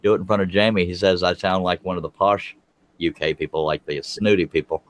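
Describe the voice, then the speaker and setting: A man's voice: low-pitched, steady tone, brisk. A man, chatting on a live stream as a guest woodworker, rambling and correcting himself as he goes. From Texas. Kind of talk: casual live-stream chat. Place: home, smoking while talking.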